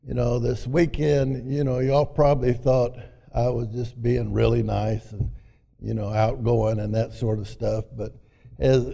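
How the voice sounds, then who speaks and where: An older Southern man from Arkansas tells a personal recovery story in a folksy, rambling way, full of "you know." His voice is gravelly, and it carries through a big hall with a long echo. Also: mid-range voice, mellow. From Arkansas, USA. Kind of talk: personal testimony talk. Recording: echoey hall, mic at a distance.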